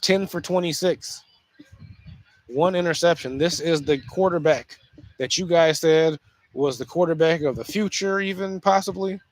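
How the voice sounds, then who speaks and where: A man hosting a casual solo sports talk show, speaking in an animated way with frequent restarts and repeated phrases. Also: a little high, moderate pace, no room sound.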